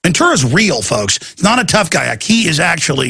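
A man's voice: fairly high pitch, sing-song, normal speed, gravelly, sharp tone, breathy edge, no room sound. A man hosting a talk show, ranting in a rambling monologue with stammered repeats.

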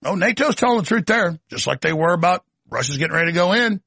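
A man's voice: high voice, animated, quick pace, gravelly, sharp tone, breathy edge, no echo. A man hosting a political talk show, delivering an emphatic, ranting monologue with sardonic asides.

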